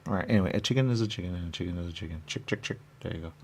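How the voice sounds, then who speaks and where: Low gravelly rambling man. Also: very fast, darkish tone, slight background noise. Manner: repetitive, answers his own questions; rambling and silly. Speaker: radio host. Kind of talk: rambling comic monologue.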